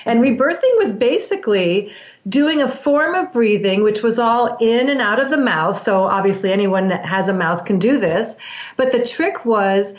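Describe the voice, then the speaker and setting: A woman practitioner talks through breath work in long, earnest explanations, circling back and restarting her phrases. Her voice sits a little high. The recording is roomy and somewhat muffled. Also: expressive, moderate pace. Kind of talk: explanatory interview talk. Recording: roomy, dull lo-fi sound.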